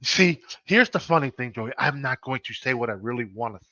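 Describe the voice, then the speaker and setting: A man's voice: medium pitch, animated, fairly quick, pushed and bright, no room sound, highs cut off. A man co-hosting a casual live-stream chat, sarcastic and crude as he mocks a rival. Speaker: co-host.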